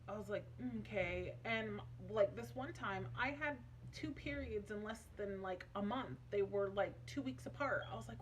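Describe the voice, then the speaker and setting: A woman's voice: medium pitch, fairly bright tone, slight background noise. A young adult woman vlogging casually, telling a personal story in a chatty, emotional way with many fillers.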